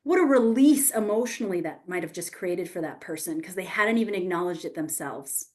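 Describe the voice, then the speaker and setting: A woman's voice: on the low side, expressive, fairly quick. A woman teaching an online sales masterclass, talking expressively and with emphasis, sometimes acting out example phrases. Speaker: sales coach.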